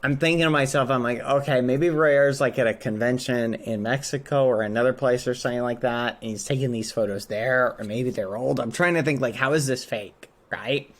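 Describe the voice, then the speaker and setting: A man streaming, telling a story to his chat in an animated, exclamatory way while steering clear of swearing. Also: medium pitch, fairly quick, few pauses.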